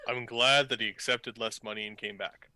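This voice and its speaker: A man co-hosting a wrestling podcast, giving his candid, halting opinions. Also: medium pitch, steady tone, sharp tone. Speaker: podcast co-host. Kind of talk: casual wrestling chat.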